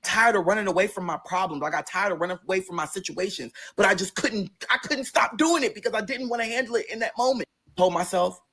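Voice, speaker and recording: A man telling a personal story in a casual, profane way, his pitch swinging between low, quiet stretches and high, excited bursts. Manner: acts out quoted voices in a high register.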